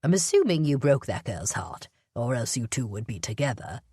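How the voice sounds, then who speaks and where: A woman reading an audiobook, voicing a frail, sharp-eyed old woman, sick in bed, who teases in a wry, blunt way. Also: a bass voice, big pitch swings, moderate pace, slightly rough, dry recording, studio quality, voice pushed down, exaggerated voice. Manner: wry and teasing. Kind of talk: audiobook character voice.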